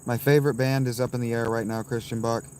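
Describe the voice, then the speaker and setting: A man in his thirties, live streaming from a campsite and answering his chat with blunt, dismissive, quick replies. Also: mid-range voice, flat delivery, darkish tone, a little hiss or hum. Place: outdoors at a campsite.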